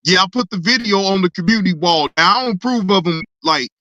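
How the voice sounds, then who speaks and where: A reaction channel host in casual commentary, laughing often, teasing chat viewers and repeating words in excited bursts. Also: mid-range voice, fast talker, no room sound, lo-fi sound.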